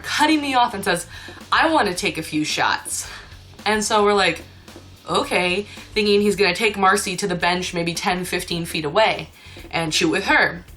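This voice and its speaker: A woman's voice: lowish voice, fairly bright tone. A young woman telling a story in a casual vlog, chatty and ranting with laughs. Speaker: cosplayer and convention staff.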